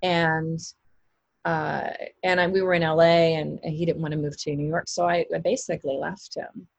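Actress guest in an interview, low husky gravelly voice, rambles with lots of um and you know. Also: female voice, level tone, moderate pace, dry recording, lo-fi sound. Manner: rambling, with many fillers and restarts. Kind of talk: casual interview chat.

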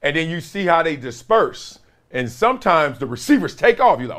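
A man hosting a show, telling football stories in a casual, animated way, laughing often and acting out other people's lines in a raised voice. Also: a little high, normal speed. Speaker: former NFL player and podcast host. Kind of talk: casual storytelling chat.

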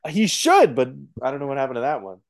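A man's voice: medium pitch, wildly swooping pitch, fast talker. A man guest on a film podcast, talking casually and animatedly, often acting out what others say.

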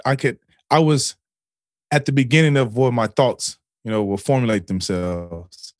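A man's voice: mid-range voice, no echo. A man in a podcast interview speaks in a middle-range voice, recorded close and dry with no room sound. He tells his story earnestly and emotionally, swearing freely and often restarting his sentences. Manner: earnest, emotional and profane, with many restarts and fillers. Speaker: podcast guest.

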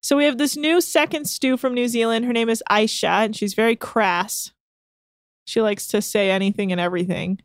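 A woman's voice: on the high side, steady tone, normal speed, clear, resonant tone, dry recording, studio quality. A woman co-hosting a podcast, recapping a show in casual, crass chat and laughing often.

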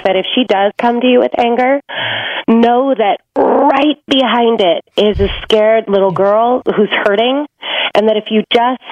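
A woman relationship coach giving gentle, reassuring advice to a couple on a podcast. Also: fairly high pitch, no echo. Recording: dull lo-fi remote line.

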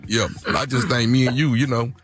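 A man's voice: mid-range voice, fairly even intonation, a little fast, over music, pitched below the performer's own voice, close to an everyday voice. Man doing a boastful slangy phony boyfriend. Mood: smooth-talking. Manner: drawling slang, rambling, stumbling over words. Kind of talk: comic radio impression.

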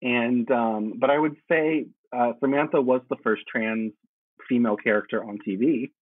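Husky man on a tinny phone line. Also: mid-range voice, normal speed, no room sound. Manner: animated, laughing, lots of "like". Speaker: guest. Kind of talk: casual podcast chat.

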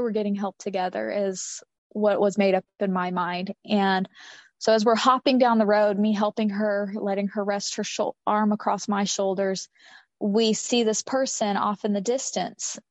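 A woman's voice: mid-range voice, steady tone, measured pace, no room sound. A woman recounting a personal story in an interview, earnest and repeating phrases for emphasis. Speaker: interview guest. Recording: dull lo-fi sound.

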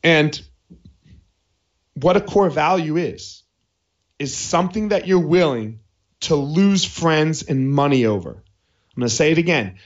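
Higher-voiced man, easygoing podcast monologue recorded at home, slightly muffled lo-fi sound. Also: lively intonation, unhurried. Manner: conversational storytelling, repeats points for emphasis. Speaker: podcast host. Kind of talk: casual monologue. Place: his house.

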